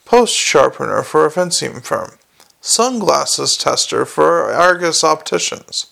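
A male audiobook narrator with a gravelly, creaky voice pitched slightly high. He reads in a measured, wry way. The delivery is steady, scripted storytelling.

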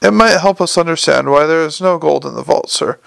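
A man's voice: a little high, a little fast, gravelly, fairly bright tone, dry recording. A man reading the part of a courteous, unflappable young police captain who calls everyone sir. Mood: politely probing. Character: polite earnest young male police captain.

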